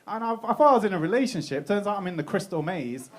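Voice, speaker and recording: Young british guy doing stand-up, pretty high voice, swears a lot, cracks up at his own jokes. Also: lively intonation, fast, noisy background. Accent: British English. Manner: casual, profane, laughing at his own jokes. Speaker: stand-up comedian. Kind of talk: stand-up comedy set. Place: comedy club stage.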